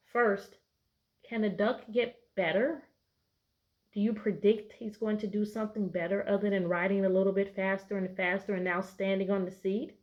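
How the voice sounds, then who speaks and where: A woman teacher with a medium-pitched voice reads a picture book aloud to children. She gives the narration bright storybook emphasis and often pauses to ask them questions.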